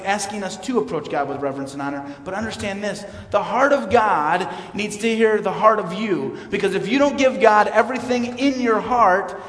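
A man preaching a sermon in an earnest, candid way, swinging between loud and quiet. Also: sits high. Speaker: pastor. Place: church sanctuary. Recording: roomy hall reverb, mic far off.

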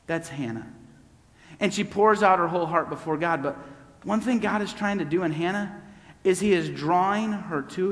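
Male pastor, high voice, emphatic repetitive preaching, long hall echo. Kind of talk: sermon.

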